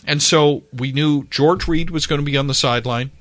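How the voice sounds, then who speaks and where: A middle-aged Canadian man telling animated anecdotes casually as a podcast guest, acting out dialogue. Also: on the high side, moderate pace, dry recording, faint music behind. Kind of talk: casual storytelling.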